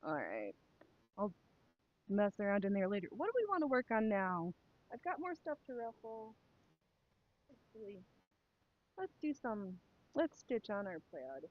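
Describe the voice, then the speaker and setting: A woman's voice: medium pitch, wildly swooping pitch, unhurried, long pauses, narrow, tinny audio. A woman chatting casually to her live stream while sewing, rambling and talking to herself and her pets.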